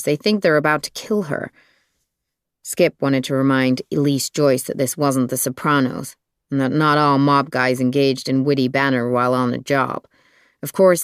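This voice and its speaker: Dry, even audiobook narrator. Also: mid-range voice, clean tone, no echo.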